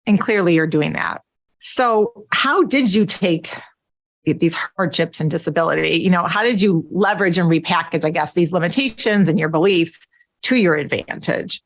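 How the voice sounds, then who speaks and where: A woman hosting a podcast, asking measured questions and reading a quote aloud. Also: fairly low pitch. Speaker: podcast host.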